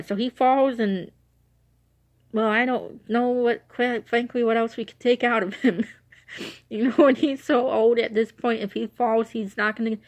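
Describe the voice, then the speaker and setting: A woman's voice: fairly high pitch, fairly even intonation, a little slow. A young woman talking casually in a rambling, self-correcting way on her vlog, emotional as she remembers her late dog. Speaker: vlogger.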